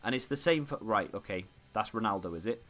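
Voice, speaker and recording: A man's voice: fairly low pitch, expressive, a little fast, a bit bright. A man giving running commentary over his own football video game match, frustrated and self-deprecating. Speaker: gaming YouTuber. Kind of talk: live gameplay commentary.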